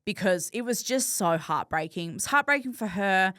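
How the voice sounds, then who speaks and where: A young woman speaks as a podcast guest, open and heartfelt, her sentences full of "like". Her voice sits at a middling pitch, and the recording is dry and close, with no room sound. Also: animated, normal speed, a bit bright, dry recording. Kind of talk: emotional conversational interview.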